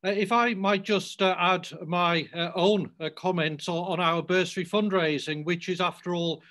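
A man hosting a school donors' event, speaking formally and hesitantly with many pauses. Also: high-pitched, fairly even intonation, a bit bright. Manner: hesitant, full of ums and restarts, formal wording.

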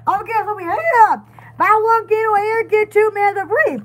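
A woman's voice: very high-pitched, moderate pace, fairly bright tone. A woman hosting a live sale, chatty and giggly, stumbling and repeating words. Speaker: live-stream seller. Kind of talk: casual live sale chat.

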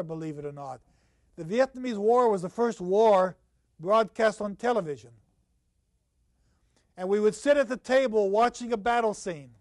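Older male professor, somewhat high voice, dry close mic; emphatic lecturing, reads passages in slow rhythm. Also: dry recording. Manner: swings from loud emphatic stresses to low quiet asides. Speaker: literature professor. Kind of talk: university lecture.

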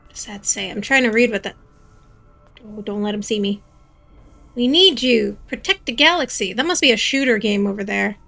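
A woman's voice: mid-range voice, steady tone, brisk, vocal fry, a bit bright, soft background music. A young woman hosting her gaming channel, chatting casually through gameplay with jokey asides and startled outbursts.

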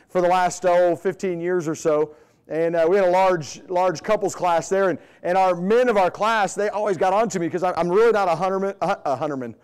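A man's voice: sits high, a little mellow, smooth. A middle-aged man, an evangelist from Illinois who grew up in the South, speaking in a church and telling folksy, self-deprecating stories. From Illinois, raised in the US South. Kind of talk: sermon introduction, storytelling. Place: church sanctuary.

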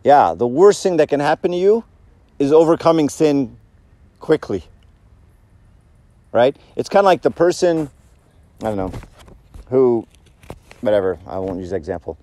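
A man's voice: medium pitch, sing-song, normal speed, long pauses, mellow, no room sound. Man giving a chatty, joking sermon. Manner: conversational, joking, questions the audience. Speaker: church speaker. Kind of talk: casual sermon talk.

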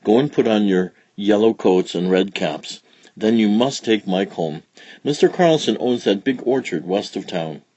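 A man reading a children's storybook aloud, voicing a gentle, patient mother who talks softly, calm and kindly firm. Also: fairly low pitch, unhurried, breathy edge, dry recording, muffled recording.

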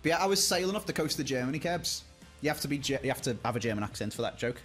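A man's voice: mid-range voice, expressive, very fast, fairly bright tone, faint music behind. A man bantering as a gaming opponent, teasing and jokey in casual chat. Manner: teasing, jokey, wildly swooping delivery.

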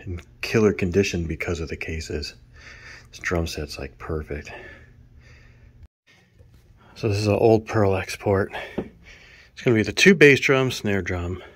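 A man's voice: low-pitched, unhurried, long pauses, fairly bright tone, slightly rough, no echo. A man showing off gear in a casual, rambling way, out of breath from carrying things. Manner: rambling, counts items aloud. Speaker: drummer vlogger. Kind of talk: casual show-and-tell.

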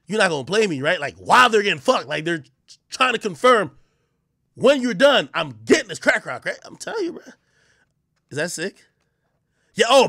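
A high-voiced man chats on a livestream, his pitch leaping all over as he laughs and yelps through crude stories. His tone is bright and tense, with a gravelly fry underneath, and the sound is dry and close. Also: no room sound. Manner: loud, laughing, crude storytelling with sudden yelps. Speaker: streamer. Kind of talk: casual livestream chat.

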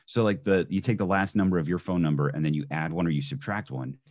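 A man's voice: low-pitched, steady tone, fast, darkish tone. A man as a podcast guest in casual chat, easygoing and hesitant, often restarting his sentences. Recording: dull lo-fi audio.

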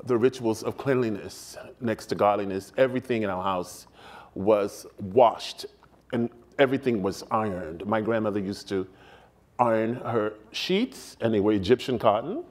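A man's voice: fairly low pitch, expressive, moderate pace. Stately man recalling his childhood on stage. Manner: warm, stately storytelling with vivid detail. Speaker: guest. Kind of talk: stage interview, reminiscing. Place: stage before a live audience.

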